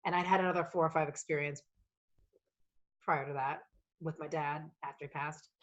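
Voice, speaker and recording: A woman with a notably low voice tells long personal stories with animated, emotional energy. She swears freely and rambles from one thought to the next. The tone is relaxed and conversational, like a podcast chat. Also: moderate pace, highs cut off. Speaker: podcast guest, coach. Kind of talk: casual storytelling conversation.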